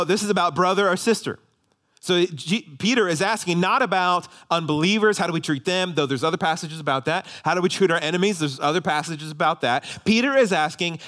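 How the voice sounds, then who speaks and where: Man, pastor, sermon, storytelling, somewhat high voice, church sanctuary. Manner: prayer turning to lively storytelling sermon.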